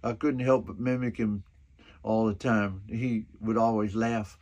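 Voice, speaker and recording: A man's voice: lowish voice, fairly even intonation, darkish tone. A man in his seventies telling a folksy anecdote in a personal video message, chuckling often as he goes. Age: 70s. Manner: chuckles often, drawn-out storytelling.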